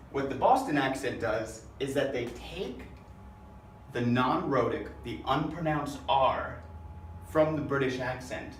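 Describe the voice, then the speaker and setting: An American man teaching English, explaining and demonstrating pronunciation in a deliberate, instructive way. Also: mid-range voice, slight background noise. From United States. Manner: slow, deliberate, demonstrating words. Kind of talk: spoken accent lesson. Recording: roomy echo, mic at a distance.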